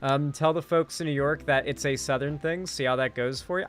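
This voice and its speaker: A man's voice: a little high, fairly even intonation, fairly quick, smooth, soft background music. A tired man chatting casually on a live stream, rambling and full of fillers. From United States. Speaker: streamer and commentator.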